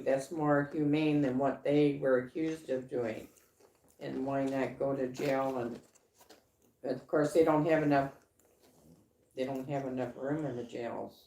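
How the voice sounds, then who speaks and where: A woman co-hosting a casual livestream chat, rambling with halting restarts and fillers. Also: sits low, mellow. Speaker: livestream co-host. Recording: echoey room.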